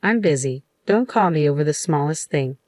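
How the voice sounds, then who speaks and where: A man's voice: fairly high pitch, lively intonation, normal speed, a little mellow, dry recording, clean studio sound, lightly acted. A woman voicing a curt, dismissive husband who speaks bluntly and sounds irritated.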